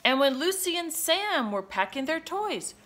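Woman, children's read-aloud, sing-song, lively pitch, fairly high. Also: measured pace. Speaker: storybook reader.

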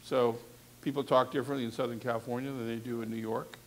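With a flat delivery at a quick pace, a male talent coach with a mid-range voice teaches a class on reporting. He speaks frankly and conversationally, adding candid asides, over slight background noise.

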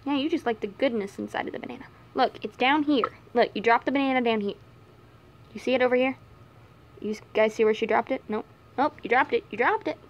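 A young woman vlogs at home beside a bunny cage, camera handheld and resting on her knees, talking fast on lo-fi audio. She chats with her viewers and coos at and scolds her pet bunnies in a high sing-song voice.

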